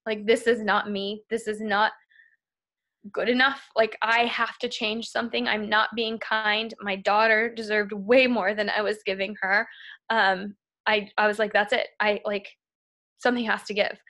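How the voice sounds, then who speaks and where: A woman's voice: medium pitch, level tone, normal speed, pushed and bright. A young adult woman, a guest speaker, telling a candid personal story to a group, often filling with "like" and sometimes close to tears. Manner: candid and emotional, many "like" fillers. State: tearful at moments.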